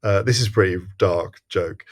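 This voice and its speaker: Male podcast guest, lowish voice, thoughtful and hesitant, casual chat. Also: moderate pace. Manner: thoughtful, hesitant, searches for words. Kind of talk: casual film-discussion chat.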